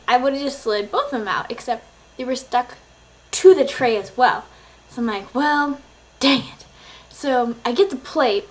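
A nineteen-year-old woman vlogging, chatty and rambling with lots of "like" and giggles. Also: high voice. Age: young adult. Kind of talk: casual chat to camera.

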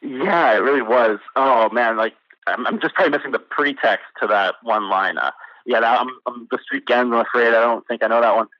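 Over a dull, lo-fi phone line, a man calls in to a trivia quiz and answers casually. His medium-pitched voice moves a little fast with no echo, and he thinks aloud, hesitating with fillers.

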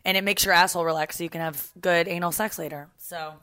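A woman's voice: fairly low pitch, steady tone, fast, bright, forceful tone, clear, resonant tone, no echo. A young woman hosting a podcast from her apartment couch, chatting casually, laughing and swearing freely. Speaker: podcast host.

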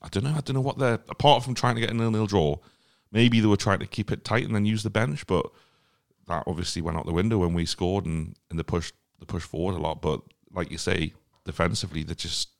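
A man's voice: sits low, fairly even intonation, fast, gravelly. A man hosting a football podcast, chatting casually and handing topics over to his co-hosts. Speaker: podcast host.

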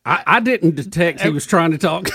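A man's voice: a little high, animated, moderate pace, fairly bright tone, some chatter behind. A man from Alabama with a Southern country accent, co-hosting a sports talk show in a chatty way and chuckling often. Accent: Southern American country. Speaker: radio co-host.

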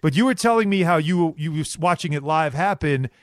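A sports radio host from New York, a man with a slightly high voice, talking loosely and circling back over his words. The sound is dry and close, with no room around it. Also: animated, brisk, dry recording. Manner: conversational, repeats himself while building a point. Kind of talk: casual sports talk.

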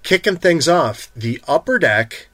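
A man co-hosting a live card stream, teasing his partner and pitching shop promotions to viewers. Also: expressive, a little slow, a bit bright, no room sound. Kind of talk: casual live-stream chat and promo reads.

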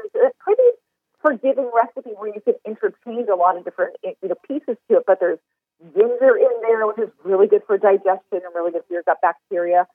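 A woman's voice: fairly high pitch, no echo. Upbeat woman chef over a phone line. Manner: enthusiastic, talks fast in long run-on explanations. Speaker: chef and recipe developer. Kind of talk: casual podcast interview. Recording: tinny phone line, dry.

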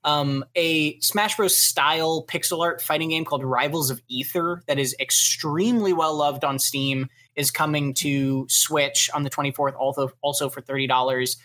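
A man's voice: a little high, fairly even intonation, moderate pace, hardly any pauses, bright, forceful tone. Casual male podcast co-host, rambling and chatty. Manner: rambling, filler-heavy. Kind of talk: casual chat.

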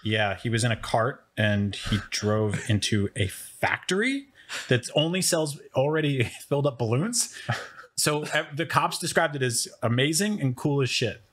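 A man's voice: mid-range voice, unhurried, fairly bright tone. A man co-hosting a casual podcast chat, joking around playfully. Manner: jokey, playful. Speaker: podcast co-host.

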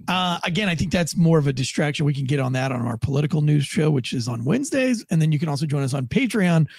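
A man's voice: on the high side, expressive, fast, creaky, a little mellow, husky, dry recording. A man, a former police officer, co-hosting a podcast in a rambling, casual way with many restarts. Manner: rambling, restarts a lot, acts out quoted tones.

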